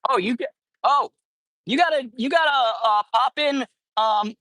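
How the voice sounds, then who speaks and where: A woman's high, unhurried, fairly bright voice comes through close and dry, without echo or any sense of room. She's feeding street cats outdoors during a casual livestream, chatting, rambling, and stopping mid-phrase to correct herself.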